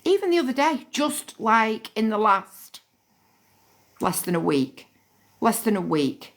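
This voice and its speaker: A woman's voice: fairly high pitch, big pitch swings, measured pace. A middle-aged woman, chatting casually on a phone livestream and thanking viewers by name. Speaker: livestream host.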